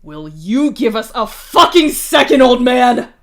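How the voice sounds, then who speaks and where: A woman voicing a rough-tempered male troll who snarls and hisses at others. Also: a little high, very animated, measured pace, pitched above the performer's own voice. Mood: snarling. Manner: snarling, hissing.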